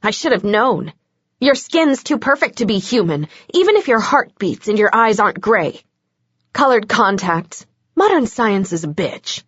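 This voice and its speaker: A woman's voice: mid-range voice, sing-song, a little slow, slightly rough, no room sound. A woman voicing a desperate male vampire killer who hisses and pleads. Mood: hissing. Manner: hissing, pleading. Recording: dull lo-fi audio.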